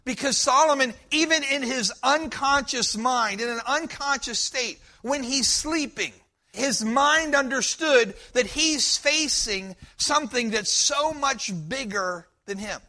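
Male pastor, emphatic sermon delivery, high and tense-edged voice. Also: measured pace, pushed and bright. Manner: emphatic preaching, repeats promises with rising force.

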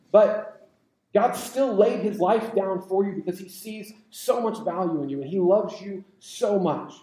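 A high-voiced man preaching a sermon in a mellow tone, chatty and informal at first, then swelling into passionate, rising climaxes. He is heard in an echoey room. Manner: conversational, builds to impassioned climaxes. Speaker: pastor.

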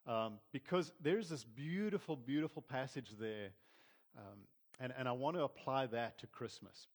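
A pastor preaches a sermon in an earnest, conversational manner, often restarting his words. His medium-pitched voice moves at normal speed, with long reverb like a hall.

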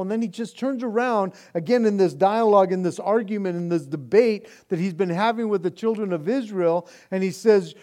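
A man preaching, reading scripture slowly and then explaining it in loose, animated everyday talk. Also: high voice. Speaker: pastor. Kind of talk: sermon.

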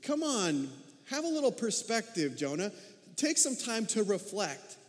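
A man in his thirties preaching a sermon as a pastor, talking in an animated way and asking his listeners many questions. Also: high-pitched, measured pace. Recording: long reverb of a large hall.

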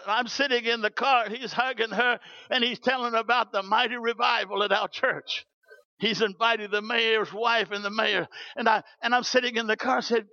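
Give me an animated New Zealand preacher telling stories, with a bright, tense voice and a dull recording. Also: male voice, very high-pitched, no room sound. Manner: animated, storytelling with acted quotes. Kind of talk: sermon storytelling.

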